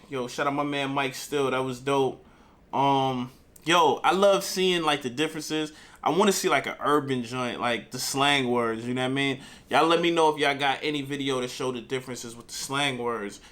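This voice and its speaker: A man's voice: mid-range voice, fairly bright tone. A man with a New York accent hosting a reaction video, talking loosely in street slang and speaking straight to his viewers. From Harlem, New York. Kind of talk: casual reaction commentary.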